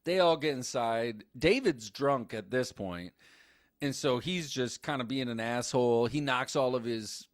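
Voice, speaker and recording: A man co-hosting a casual movie recap podcast, animated and swearing freely as he acts out scenes. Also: mid-range voice, unhurried, dry recording, clean studio sound. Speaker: podcast co-host.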